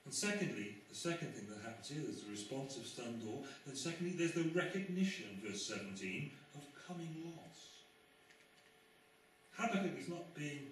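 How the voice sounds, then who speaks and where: Male preacher, mid-pitched, conversational sermon with wry asides, recorded from a distance in a booming church. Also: slight background noise. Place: church sanctuary. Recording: very echoey church, mic far off.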